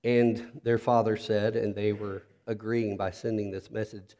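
A man preaching a sermon as pastor, earnest and reflective, dropping to a soft, intimate tone when he speaks directly to listeners. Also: on the low side, level tone, measured pace.

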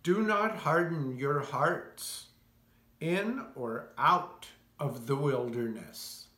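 A man leading a unison prayer in a church service, reading in a measured, solemn way. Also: on the high side, animated, sharp tone. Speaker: worship leader. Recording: echoey church sanctuary.

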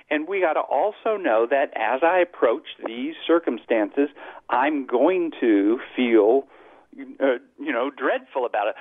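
A man's voice: medium pitch, no room sound. A man who is a psychologist and author, explaining earnestly in a phone-in radio interview. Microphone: telephone. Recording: tinny dry phone line.

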